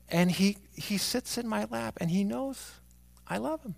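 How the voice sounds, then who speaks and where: A man preaching a sermon, moving from hushed, near-whispered lines to emphatic ones as he tells stories about his young son. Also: high voice, animated, normal speed, creaky. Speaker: pastor.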